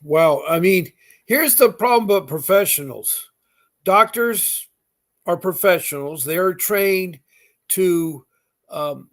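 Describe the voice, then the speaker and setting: Emphatic indignant male talk host. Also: sits high. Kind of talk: advocacy talk show conversation.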